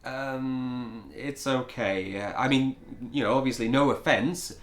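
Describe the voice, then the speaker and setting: A man's voice: medium pitch, a little slow, natural voice. A man playing a grieving writer, hesitant and stammering. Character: grieving, blocked male writer. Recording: roomy echo.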